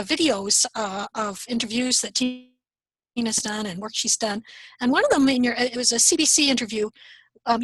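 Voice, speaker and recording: A woman host asking measured interview questions, hesitating now and then. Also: a little high, fairly bright tone, no echo, low-quality recording.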